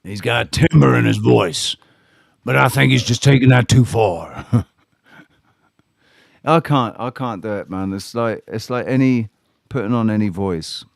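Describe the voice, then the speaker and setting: A man's voice: mid-range voice, unhurried, vocal fry, long pauses, no echo, clean studio sound. Blunt, sweary man. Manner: blunt, sweary, laid-back. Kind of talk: casual chat.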